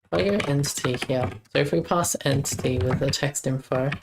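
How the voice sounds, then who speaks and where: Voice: mid-range voice, brisk, vocal fry, background noise. A young adult, live-streaming game development and chatting casually with viewers while thinking aloud over code.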